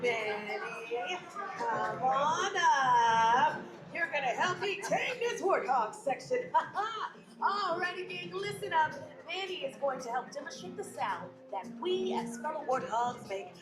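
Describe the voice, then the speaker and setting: A woman's voice: high-pitched, expressive, a little slow, reverberant, over loud music. A woman hosting a live theme park pre-show, playful and sassy as she banters with the crowd. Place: outdoor theme park stage.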